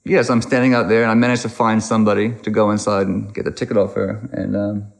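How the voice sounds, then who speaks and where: Man in his thirties, low voice, rambling storyteller, echoey room. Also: fast, creaky. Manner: animated, rambling with restarts. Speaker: guest. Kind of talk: casual storytelling.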